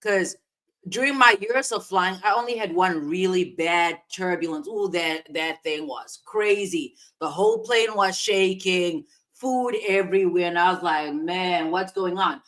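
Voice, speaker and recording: A woman co-hosting a podcast, telling a story in a casual, animated way with big swings in loudness. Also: on the low side, a little slow. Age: adult parent of a young child. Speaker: podcast co-host.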